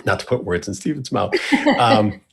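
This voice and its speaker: A man's voice: fairly low pitch, normal speed, vocal fry, breathy edge. A young man hosting a casual conversation, rambling and self-correcting with a playful streak. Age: young adult. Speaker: host.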